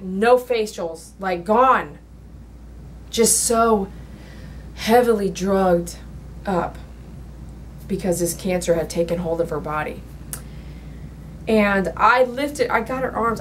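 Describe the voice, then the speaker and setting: Dog groomer lady rambling through a story in her salon, gets emotional, bursts out loud sometimes, bit of hiss. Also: medium pitch. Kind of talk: casual storytelling while working.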